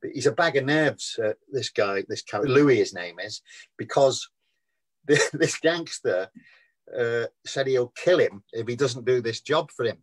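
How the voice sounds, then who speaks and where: Brief: older Liverpool man, Scouse accent, mid-pitched, chatty anecdote teller who laughs easily. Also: measured pace, low-quality recording. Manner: chatty storyteller, laughs often at his own tales. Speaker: actor guest. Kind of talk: casual anecdotal interview.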